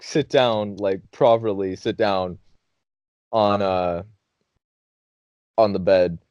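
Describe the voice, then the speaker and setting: A man's voice: lowish voice, no echo. Young man telling a story, dull lo-fi sound. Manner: animated, laughing, swearing often, acting out friends' lines. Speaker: podcast host. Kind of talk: casual storytelling. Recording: dull dry lo-fi recording.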